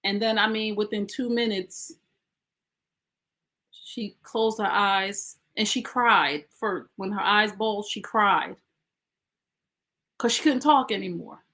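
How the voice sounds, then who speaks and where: A woman's voice: medium pitch, takes it slowly, long pauses, fairly bright tone. Woman, podcast host, emphatic, conversational, personal storytelling. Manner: emphatic, conversational, speaking straight to listeners.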